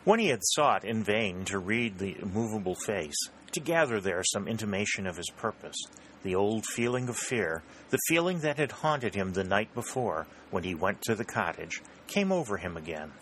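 A man narrating a historical novel in a steady, even storytelling manner. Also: fairly low pitch, moderate pace, a little hiss or hum, poor audio. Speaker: audiobook narrator. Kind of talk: scripted narration.

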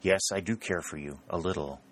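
A man's voice: low voice, brisk, a bit bright, a little hiss or hum. A man reading a proud, self-reliant young woman in an audiobook, in an earnest and spirited manner.

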